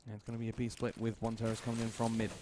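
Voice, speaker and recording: A man casting a competitive shooter game match with fast, joking play-by-play commentary. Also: medium pitch, monotone, noisy background. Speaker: esports caster.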